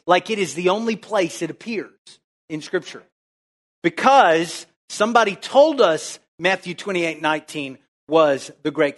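High-voiced emphatic preaching man. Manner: emphatic, rhetorical questions, calls for amen. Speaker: pastor. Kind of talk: sermon.

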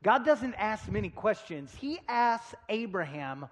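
Pastor, male, 30s, high-pitched preacher with loud peaks and soft asides, church sanctuary. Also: big pitch swings, measured pace. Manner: dynamic preaching, swinging between loud emphasis and quiet asides; humorous storytelling asides. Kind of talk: sermon. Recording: long reverb of a large hall.

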